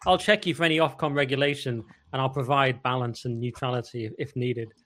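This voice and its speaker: A man from North West England, chatting as a guest comedian with deadpan jokes. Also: medium pitch, fairly quick. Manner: joking, deadpan asides. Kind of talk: casual chat.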